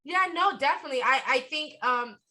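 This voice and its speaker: A woman with a New York accent talks in a high, bright voice. She chats casually as an interview guest, animated and quick to laugh. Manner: lively, laughs often, animated storytelling. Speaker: actress guest.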